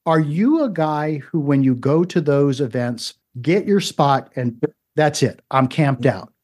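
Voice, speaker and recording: A man's voice: on the high side, animated, measured pace, a little mellow. A male golf podcast co-host in casual chat, joking and chatty. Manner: joking, chatty, mimics voices.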